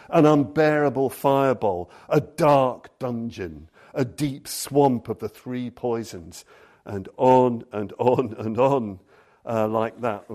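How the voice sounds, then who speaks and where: Male Buddhist teacher, unhurried talk, tells stories and reads passages, mid-pitched. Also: darkish tone. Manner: storytelling, reads passages aloud. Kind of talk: dharma talk.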